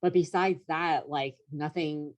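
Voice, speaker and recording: A young woman with a low voice tells a rambling story on a casual podcast. She leans on fillers and laughs now and then as she goes. Her delivery is loose and chatty. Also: fairly even intonation, takes it slowly. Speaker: comedian guest.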